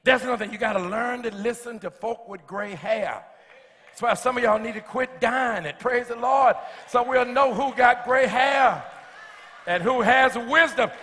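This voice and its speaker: A man preaching a sermon as pastor, calling out to the congregation and building to shouts, with touches of humor. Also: very high-pitched, moderate pace, in a large hall. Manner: slips in humor. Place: church sanctuary.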